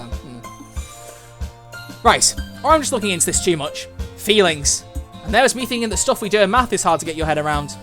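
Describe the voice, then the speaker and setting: A young man hosting a let's play, reading a visual novel aloud and reacting in a chatty, fretting way. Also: sits high. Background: soft game music.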